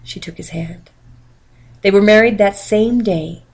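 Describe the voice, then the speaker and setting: A woman reading a storybook aloud in a steady, quiet narration. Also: mid-range voice, measured pace, breathy edge, poor audio.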